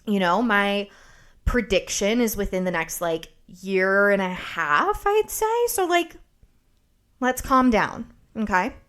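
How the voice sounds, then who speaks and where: A woman podcast host telling a story in casual chat, animated, sarcastic and freely profane. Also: medium pitch, takes it slowly, clear, resonant tone.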